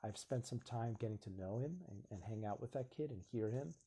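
A man hosting a live stream talks in an earnest, reflective way. His voice is mellow and a little husky. He slips into short acted-out exchanges as he explains. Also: mid-range voice, a little fast. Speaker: host of a live video stream. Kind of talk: casual live-stream talk.

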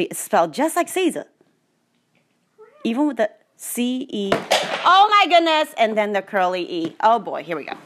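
A woman's voice: medium pitch, slight background noise. Playful, sarcastic woman reading aloud. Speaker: vlogger. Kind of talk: joking read-aloud commentary.

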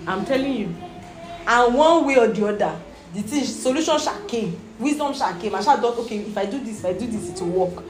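An expressive, brisk woman with a higher-than-average voice and a Nigerian accent is teaching a Bible lesson. She's earnest, frequently checking comprehension with "Do you understand?" The sound is echoey, with background music.

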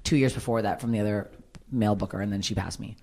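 A woman comedian talking bluntly and swearing freely in a candid conversation, with a low voice. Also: quick pace, vocal fry, mellow. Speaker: comedian and podcast guest.

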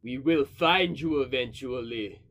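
A menacing pursuer speaks through a magic sending stone in a tabletop game, as a man puts him on. The delivery is cold, slow and threatening. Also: mid-range voice, fairly bright tone, pitched below the performer's own voice.

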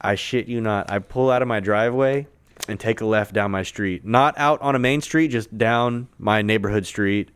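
A man's voice: on the low side, moderate pace, clean tone. A man on a podcast telling a long, rambling story in casual chat, full of swearing and fillers, recorded in a conference room. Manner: profane, filler-heavy, rambling.

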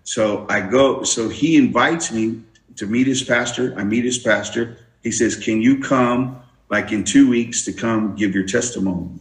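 A man's voice: medium pitch, a little slow. A man giving his testimony as an interview guest, telling his story with many restarts and acting out the voices he quotes. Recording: roomy echo.

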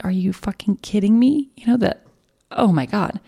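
A woman's voice: medium pitch, moderate pace, gravelly, mellow, breathy edge. A young woman hosting a podcast, telling an emotional, confessional personal story, swearing and trailing off as she goes. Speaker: podcast host.

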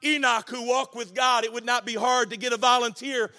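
A man preaching a sermon as pastor, impassioned, rising to shouts and a sing-song cadence. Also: very high voice, fairly even intonation, a little fast.

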